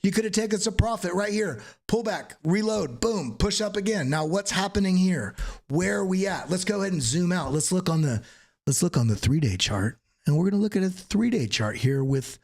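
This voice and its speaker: A man hosts a live crypto trading stream, walking through charts with energy and jokes, swearing casually now and then. His voice is high and his speed is normal.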